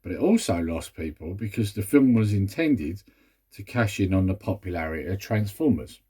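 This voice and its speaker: Deep husky British man chatting about films. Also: animated, moderate pace, mellow. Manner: chatty, rambling, exasperated asides. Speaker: movie review vlogger. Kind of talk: casual chat.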